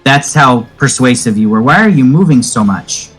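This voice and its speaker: A man's voice: mid-range voice, lively intonation, fairly bright tone, breathy edge, faint music behind, rough recording. A man acting as game master in a tabletop game, chatting and explaining the rules at length. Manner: chatty, explains rules at length, quick questions when puzzled. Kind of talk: running a tabletop game, casual chat.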